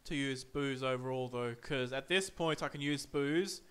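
A man streaming a game, thinking aloud in relaxed, chatty commentary with fillers. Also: mid-range voice, moderate pace, clear, resonant tone. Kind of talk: casual gameplay commentary.

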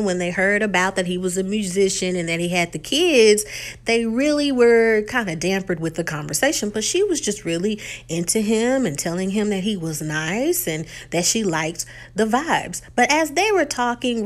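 A woman's voice: fairly high pitch, normal speed. A woman, casually recapping a reality dating show and acting out the quotes with laughter. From Texas. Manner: animated retelling, acts out quotes, laughs.

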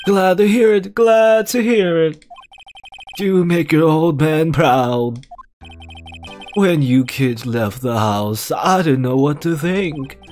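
A man voicing a cheerful old male boat shop caretaker in a game playthrough, stretching his words in a raised, drawn-out old-man voice. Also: fairly high pitch, darkish tone, soft background music, pitched above the performer's own voice. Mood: fond.

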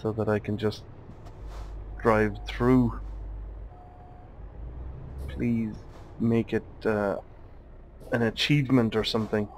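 A man hosts a driving game let's play in a low, easy voice. He chats along with dry little asides. A faint hum sits behind him. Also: little pitch movement, unhurried, pauses often, poor audio. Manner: chatty, wry asides while driving. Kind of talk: casual gameplay commentary.

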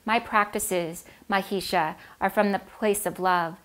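A woman voicing a serene, powerful goddess in a spoken myth, speaking calmly and firmly. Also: medium pitch, unhurried, lightly acted. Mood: resolute.

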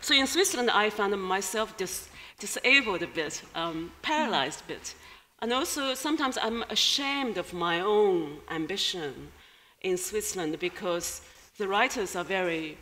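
A woman with a Chinese accent speaks as a guest at a live event, her voice bright and forceful. She talks in a thoughtful way, with small laughs between her phrases. Her voice rings with the long reverb of a large hall. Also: medium pitch, animated, normal speed, slight background noise. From China. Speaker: guest writer. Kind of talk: onstage interview.

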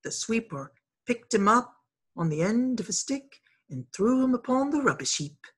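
A woman storyteller reading a classic tale aloud in a friendly, expressive way. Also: a little high, normal speed, breathy edge, rough recording.

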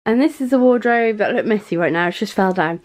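Chatty mum vlogging at home. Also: female voice, medium pitch, expressive, fairly quick, slight background noise. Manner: chatty, scattered, talks to camera while doing chores. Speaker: vlogger, mother of four. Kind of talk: casual home vlog. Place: family house, indoors.

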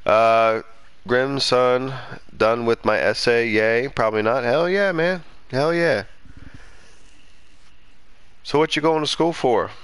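Bright-voiced male streamer, profane. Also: medium pitch, slow, pauses often, clear, resonant tone. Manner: swears a lot, erupts into loud indignant rants, then mutters. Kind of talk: casual live gaming commentary.

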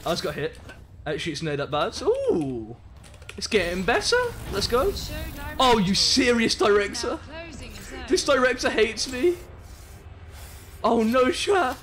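Excitable young English lad streaming a game. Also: male voice, very high voice, measured pace, pauses often. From England. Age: young adult. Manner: excitable, swears, shouts and laughs at the game, chats to viewers. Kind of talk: live gaming commentary. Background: game music.

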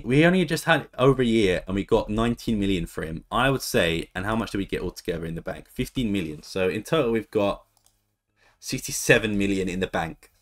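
Deep-voiced young man commenting his game. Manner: chatty, reacts to the match as it plays. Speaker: gaming YouTuber.

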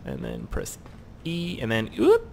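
A man's voice: fairly high pitch, huge pitch swings, a little slow, gravelly, dark tone, slight background noise. Joking, profane young man gaming. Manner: joking, profane, puts on silly voices for characters. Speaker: gaming YouTuber. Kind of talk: let's play commentary.

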